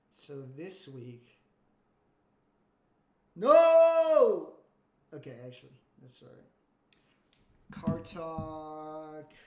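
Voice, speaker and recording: A man's voice: mid-range voice, darkish tone, a little hiss or hum. Profane, rambling male streamer. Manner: profane, rambling, talks to chat. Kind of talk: casual livestream chat. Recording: echoey room.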